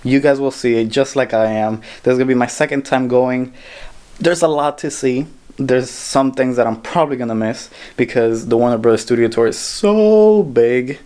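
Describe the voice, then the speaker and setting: Excited man vlogging a studio tour. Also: medium pitch, moderate pace, clear, resonant tone, no echo. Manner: excited and chatty. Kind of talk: casual vlog tour commentary.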